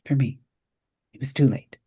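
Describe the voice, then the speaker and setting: A woman's voice: normal speed, warm tone, lightly acted. An actress playing a grieving mother who reproaches her daughter and pushes for grandchildren. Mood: reproachful. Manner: accusing, emotional. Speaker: Anna's mother Marlene.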